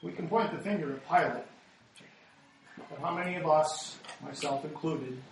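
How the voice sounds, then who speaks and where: A man's voice: fairly high pitch, normal speed, creaky, a little hiss or hum. A male American pastor delivering a sermon, reading scripture dramatically and asking rhetorical questions. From United States. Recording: very echoey hall, speaker far from mic.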